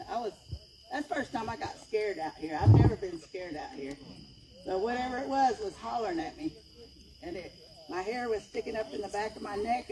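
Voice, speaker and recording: A woman telling a story to an outdoor audience in a rambling, animated way, acting out hollers. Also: fairly high pitch, rough recording. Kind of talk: casual spoken storytelling to an audience. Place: outdoor evening gathering. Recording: outdoor event with crowd noise. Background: audience chatter and crickets.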